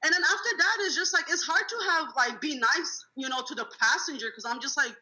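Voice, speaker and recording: Blunt, bright-voiced young woman driver. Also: sits high, animated, fairly quick, low-quality recording. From California. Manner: blunt, swears freely, acts out passengers with laughs. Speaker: rideshare driver guest. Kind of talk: casual roundtable storytelling.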